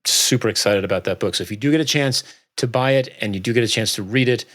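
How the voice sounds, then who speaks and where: A middle-aged man guesting on a podcast, talking in a relaxed, rambling way with many fillers. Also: mid-range voice, fast. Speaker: guest author. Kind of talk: casual interview chat.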